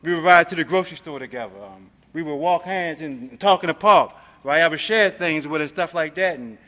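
A man's voice: on the high side, brisk, pushed and bright, in a large hall. A man from Maryland giving a personal recovery testimony, streetwise and profane, filling his talk with "man". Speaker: recovery speaker.

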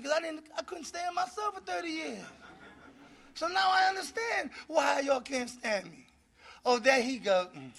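A man's voice: extremely high pitch, gravelly, bright, forceful tone, slightly rough. A middle-aged man giving a fiery preaching-style talk at a recovery meeting, exhorting the room and breaking into laughter.

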